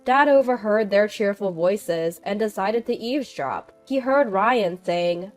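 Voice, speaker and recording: A woman reading a first-person family drama as scripted narration, in an even, steady manner. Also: medium pitch, unhurried, few pauses, faint music behind.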